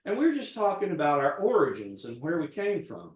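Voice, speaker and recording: A man's voice: a little high, huge pitch swings, brisk. A man, a guest chef, telling a rambling personal story in casual chat while cooking. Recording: roomy echo.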